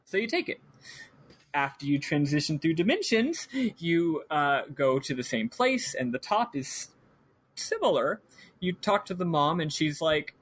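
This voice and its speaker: A man's voice: a little high, sing-song, measured pace, a bit bright, slightly rough. A man hosting a podcast, animatedly retelling a video game in casual chat, swearing freely and acting out the characters. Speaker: podcast host.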